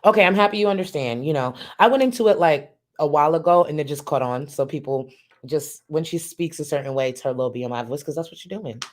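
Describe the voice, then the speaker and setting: A commentator giving loose, joking live commentary in a casual chat style, often saying "you know". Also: male voice, a little high, quick pace.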